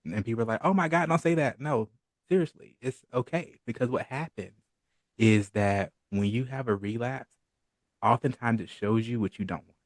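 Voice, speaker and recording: A man who is a guest on a podcast, speaking in a calm, encouraging coaching manner. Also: lowish voice, normal speed, dry recording. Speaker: podcast guest, holistic and spiritual entrepreneur. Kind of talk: casual podcast interview.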